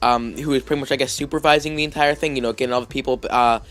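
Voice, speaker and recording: Male vlogger, casual rambling storyteller, average pitch, soft music bed. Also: steady tone, racing. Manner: rambling, heavy with fillers and restarts.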